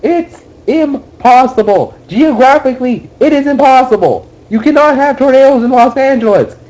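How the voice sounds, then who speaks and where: Young male co-host, high animated voice, exasperated profane ranting, dull lo-fi recording. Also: normal speed. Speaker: podcast co-host. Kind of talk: casual ranting movie review.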